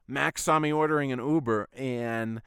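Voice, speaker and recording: A man's voice: medium pitch, moderate pace, a bit bright, clear, resonant tone, no room sound, studio quality. A man hosting his own podcast, telling a long personal story in a loose, rambling way, full of swearing and "I was like" retellings. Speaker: podcast host. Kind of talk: casual storytelling monologue.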